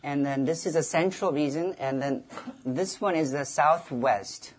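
Woman, English, music lecturer, halting with many fillers, slow, low voice. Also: slight background noise. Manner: halting, many fillers and restarts, sings short melodic examples. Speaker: music lecturer presenting a performer. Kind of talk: live lecture-demonstration.

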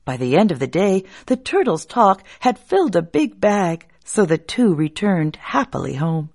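A woman telling a folk tale in an expressive, drawn-out way, hushing at tense moments. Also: lowish voice. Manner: expressive, drawn-out, hushed at suspense. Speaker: storyteller.

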